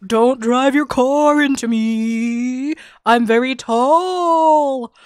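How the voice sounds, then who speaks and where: A woman voicing a silly, tall moose that calls out in slow, drawn-out bellows. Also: high voice, smooth, dry recording, clean studio sound. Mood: goofy.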